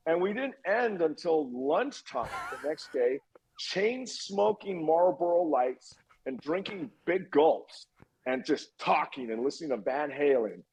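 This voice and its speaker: A little high and husky, a man in his 50s tells a story as a podcast guest on poor audio. His interview chat is animated, with quoted dialogue he acts out and plenty of swearing.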